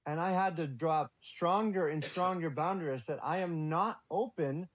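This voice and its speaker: Man, guest on a podcast, a bit higher voice than most, swears freely and tells stories with gusto. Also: normal speed. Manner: blunt and profane, lively storytelling. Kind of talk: casual podcast conversation.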